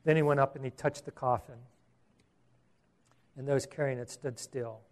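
A man's voice: mid-range voice, steady tone, normal speed. A man preaching a sermon, earnest, with repeated words and rhetorical questions.

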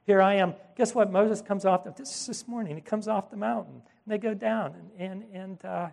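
Animated male preacher with a somewhat high voice. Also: a little fast, gravelly. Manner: animated storytelling, acts out quoted voices; conversational asides and self-corrections. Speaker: pastor. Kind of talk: sermon.

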